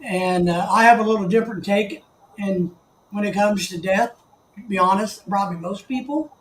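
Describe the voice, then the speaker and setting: A chatty male livestream host living in the Philippines speaks in a high, fairly bright voice at a moderate pace. He rambles through casual live chat and greets viewers by name, recorded in an echoey room with faint background noise.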